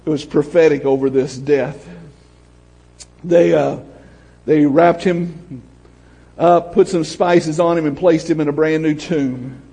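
Man, pastor, sermon, high husky voice, shouting and hushed turns. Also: slow pace. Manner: animated preaching, swinging from shouts to hushed storytelling. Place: church sanctuary. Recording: long hall reverb.

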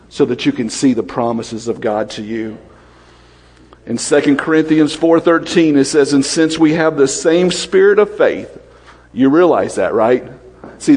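A man preaching a sermon, quick-fire and lively, often asking questions of the congregation. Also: medium pitch, husky, big-room sound.

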